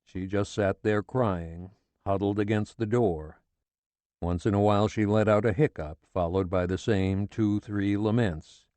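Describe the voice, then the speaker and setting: A man with a lowish voice reads a novel aloud in a sardonic, blunt first-person telling. The recording is close and dry, with no room sound. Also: steady tone, unhurried, mellow, no echo. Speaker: audiobook narrator. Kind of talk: scripted literary narration.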